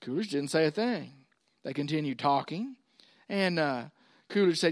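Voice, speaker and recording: A man's voice: on the high side, sing-song, moderate pace, dry recording, studio quality. A middle-aged man, preaching a sermon in a folksy, conversational way with asides to his congregation. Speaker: pastor.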